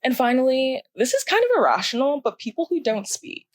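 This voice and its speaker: A woman's voice: high-pitched, brisk, no room sound. A young woman from the American South, co-hosting a podcast, ranting casually and sarcastically with frequent swearing. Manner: animated, sarcastic, swears freely. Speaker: podcast co-host. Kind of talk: casual rant. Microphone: podcast mic.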